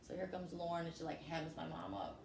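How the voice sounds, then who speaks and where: Woman comic, profane storyteller, mid-pitched, recorded in an echoey room. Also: fairly quick, gravelly. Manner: brash, profane, animated storytelling with acted quotes. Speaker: comedian guest. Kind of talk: casual storytelling chat. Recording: echoey room with faint noise.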